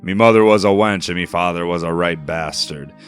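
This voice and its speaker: Man reading as a gruff old pirate captain, boastful, rough folksy drawl, deep voice, clean smooth tone. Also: a little fast, soft background music, natural voice. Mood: gruff reminiscing. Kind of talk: reading a game journal aloud.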